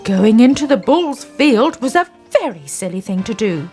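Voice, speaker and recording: A woman's voice: on the high side, big pitch swings, moderate pace, a little mellow, faint music behind. A woman doing a stern, lecturing farmer. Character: stern but kindly male farmer.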